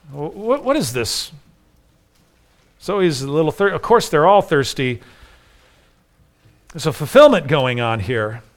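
A man's voice: a little high, a bit bright, smooth. A man preaching a sermon, reading scripture aloud and rising to emphatic declarations.

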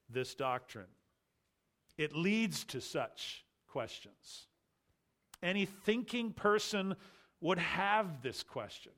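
Emphatic preacher, man with a raised voice. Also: a little high. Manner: emphatic, rhetorical, swings between loud and quiet. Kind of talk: expository sermon.

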